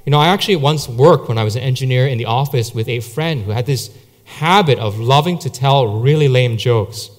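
A man's voice: mid-range voice, brisk. A man preaching a sermon, telling stories in a conversational way with many fillers. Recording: long hall reverb.

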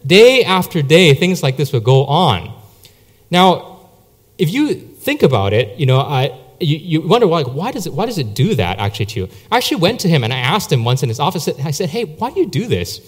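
A man's voice: fairly high pitch, very animated, a little fast. A man preaching a sermon, telling stories in a conversational way with many fillers. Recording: long hall reverb.

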